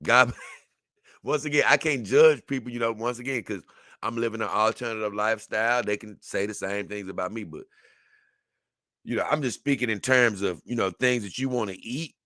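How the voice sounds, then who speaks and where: A man giving casual, animated reaction commentary, exclaiming and laughing as he talks. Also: lowish voice, moderate pace, no room sound, clean studio sound. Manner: animated, exclaiming and laughing, dips into mock voices. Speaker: video reactor.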